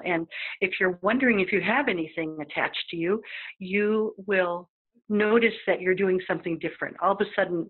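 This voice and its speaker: A woman's voice: lowish voice, breathy edge. A woman guest speaking as a psychic medium in a casual chat, talking freely with many fillers and acting out the voices she quotes. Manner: chatty, acts out quoted voices, frequent fillers. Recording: tinny phone-like line.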